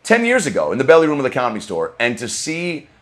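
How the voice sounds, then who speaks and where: A man's voice: medium pitch, huge pitch swings, fast. A male comedian hosting a podcast, riffing in a loose, profane, rambling monologue from a comedy club green room.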